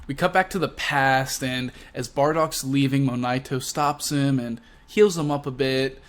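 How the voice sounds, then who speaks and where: A man's voice: medium pitch, a little slow. A man hosting a video discussion of a comic chapter, talking casually with many asides and fillers. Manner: chatty, fillers like "you know". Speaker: video host. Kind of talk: casual chat about comics.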